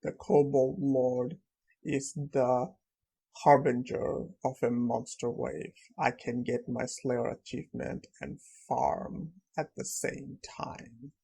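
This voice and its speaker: Cold dismissive young necromancer, read by a man, gravelly and slow. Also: medium pitch, steady tone, dark tone, full character voice. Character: cold, arrogant young male necromancer warrior.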